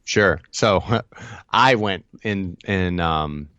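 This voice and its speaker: A man's voice: low-pitched, very slow, clean tone, no room sound, muffled recording. A man telling stories with lots of energy as a guest in a casual podcast interview. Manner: energetic, animated storyteller. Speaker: podcast guest, ad agency partner.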